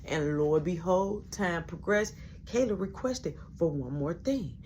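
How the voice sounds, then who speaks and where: A young woman telling a casual story, animated and acting out everyone's voices as she goes. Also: lowish voice, unhurried, a little hiss or hum.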